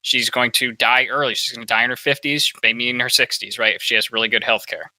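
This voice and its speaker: A man's voice: medium pitch, steady tone, quick pace, pushed and bright, dry recording, poor audio. A man hosting a podcast, giving opinionated political commentary and asking "right?" often. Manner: opinionated, peppers talk with "right?". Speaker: podcast host.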